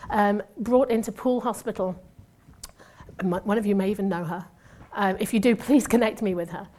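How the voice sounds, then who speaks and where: Her mid-range voice has a warm tone and moves at normal speed. She is a church speaker in her 50s and a former nurse, delivering a testimony sermon with a chatty, self-mocking manner and side remarks.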